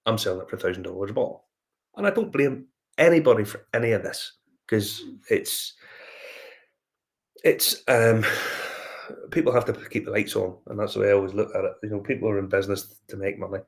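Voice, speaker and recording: Low-voiced Northern Irish man telling stories. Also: normal speed, gravelly. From Northern Ireland. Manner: rambling anecdotal storytelling with many fillers and restarts. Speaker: whiskey review host. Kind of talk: casual chat.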